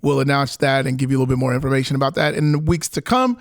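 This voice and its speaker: A man co-hosting a podcast, chatting about sports in an animated way, often laughing and talking over his partner. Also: medium pitch, very fast, no room sound, clean studio sound. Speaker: podcast co-host. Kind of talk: casual sports chat.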